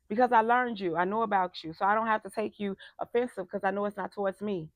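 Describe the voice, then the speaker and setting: A woman life coach giving a passionate motivational talk, emphatic and turning loud and animated when making a point. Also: medium pitch, fairly quick, no echo.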